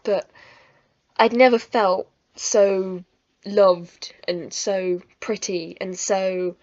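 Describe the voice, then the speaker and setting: Speaking slowly at medium pitch, a young vlogger shares a personal story in a chatty, emotional way, giggling as she goes. The recording is dry and a bit muffled.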